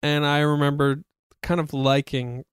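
A man's voice: fairly high pitch, little pitch movement, a little slow, clear, resonant tone, no echo, clean studio sound. A man co-hosting a casual chat, telling a story in a wry, rambling way.

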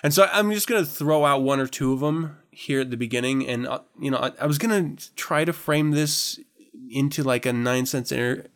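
A man's voice: mid-range voice, fairly quick, fairly bright tone. Laughing, loose-talking male podcast host. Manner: laughs often, swears casually, rambling with restarts. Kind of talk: casual podcast chat.

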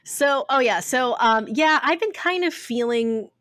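A woman's voice: high-pitched, animated, measured pace, fairly bright tone, no room sound, clean studio sound. A woman co-hosting a podcast, chatting casually with lots of fillers. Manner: chatty, uses many fillers. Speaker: podcast co-host. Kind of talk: casual chat.

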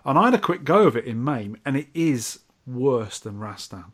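A man co-hosts a relaxed podcast at a close mic. He trades dry, teasing jokes at an everyday middle pitch. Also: moderate pace. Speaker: podcast co-host. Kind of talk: casual chat.

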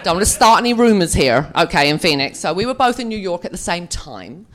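Lively, joking woman telling stories. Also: fairly low pitch, a little fast. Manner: chatty, joking, self-mocking. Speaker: actress speaking at a fan convention panel. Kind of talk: anecdotal storytelling to a live audience.

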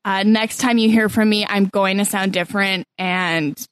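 A woman's voice: medium pitch, steady tone, moderate pace, smooth, no room sound. A young woman from Canada, co-hosting a podcast in a wry, chatty, self-mocking tone. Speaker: podcast co-host. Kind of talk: casual chat.

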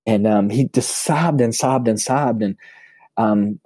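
A man, a pastor, telling personal stories in a relaxed conversation. He restarts his phrases often. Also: slow, husky, no room sound. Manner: lively storyteller who restarts his phrases; self-described high extrovert. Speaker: pastor and podcast guest. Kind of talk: personal storytelling in casual conversation.

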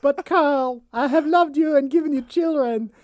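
A man voicing an abandoned wife pleading with her husband in a high, put-on voice. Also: moderate pace, darkish tone, dry recording.

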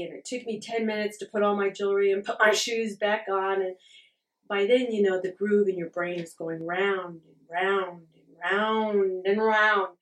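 A middle-aged woman candidly telling a personal story with frank, self-deprecating humor and frequent laughs. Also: mid-range voice. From Utah. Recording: roomy echo, distant from the mic.

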